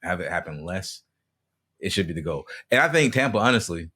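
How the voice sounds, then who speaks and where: A man's voice: deep voice, sing-song, a little fast, sharp tone, husky. A man co-hosting a podcast, earnestly laying out news and opinions in casual chat. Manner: earnest, explains news and gives opinions, frequent restarts. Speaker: podcast co-host.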